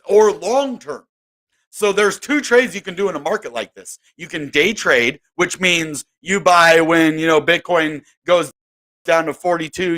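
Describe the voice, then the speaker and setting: Bright and forceful, a slightly high male voice belongs to a crypto video host giving casual market commentary. He rambles, cuts himself off to start sentences over, and comes across as exasperated.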